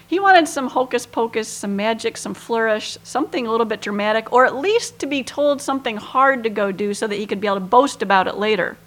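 Woman, a little high-pitched, conversational Bible teacher who acts out the quotes. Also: a little fast, few pauses, fairly bright tone. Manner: conversational, lots of you-knows, acts out quoted lines with feeling.

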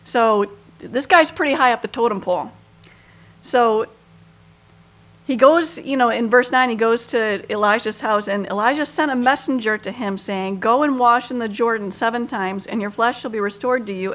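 A woman's voice: fairly high pitch, normal speed, a bit bright. A woman teaching a Bible passage in a conversational way, with frequent fillers and acted-out quotes. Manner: conversational, lots of you-knows, acts out quoted lines with feeling.

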